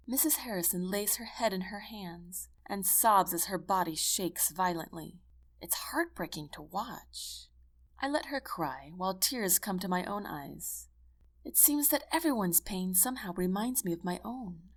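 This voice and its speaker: Woman, audiobook narrator, first-person, expressive and earnest, lively pitch. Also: unhurried.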